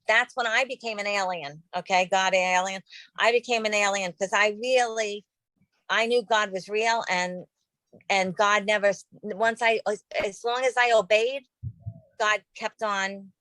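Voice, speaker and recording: A woman in her fifties shares a heartfelt personal story on a podcast. Her voice sits at a middling pitch, and she talks in a rambling, earnest way, full of ums and restarts. The sound is dry and close, with no room echo. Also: fairly bright tone. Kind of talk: personal testimony in casual conversation.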